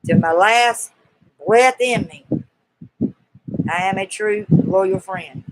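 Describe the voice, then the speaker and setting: A woman's voice: mid-range voice, slow, a little hiss or hum, low-quality recording. A woman with a Southern US accent hosting a casual live-stream Q&A, chatty, folksy and teasingly coaxing her viewers.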